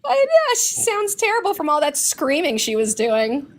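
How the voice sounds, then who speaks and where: A woman chatting on a casual live stream, quick to agree and add her own remarks. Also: sits high, wildly swooping pitch.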